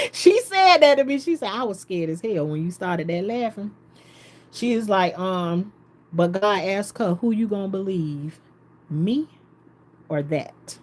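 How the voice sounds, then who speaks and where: A woman's voice: mid-range voice, measured pace, slight background noise. Woman telling a story, laughing often. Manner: animated storytelling, laughs often, quotes others. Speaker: vlogger. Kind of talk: casual storytelling.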